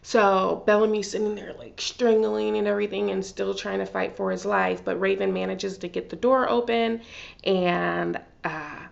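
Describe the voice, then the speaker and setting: A woman chatting excitedly through a TV episode recap, full of fillers and gushing asides. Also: medium pitch, normal speed, gravelly, dull audio. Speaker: TV recap vlogger. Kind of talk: casual TV recap.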